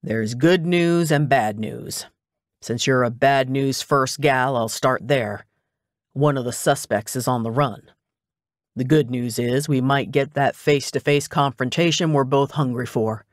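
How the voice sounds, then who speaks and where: A man's voice: medium pitch, unhurried, no echo, lightly acted. A man voicing a dry, teasing male private investigator in a cozy mystery audiobook. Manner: matter-of-fact, teasing. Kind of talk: audiobook dialogue.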